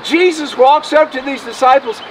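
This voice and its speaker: A man's voice: very high voice, normal speed, a crowd in the background. A man preaching an Easter sermon outdoors as pastor, folksy and emotional, joking with his congregation. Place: outdoors by a road. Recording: distant mic, faint noise.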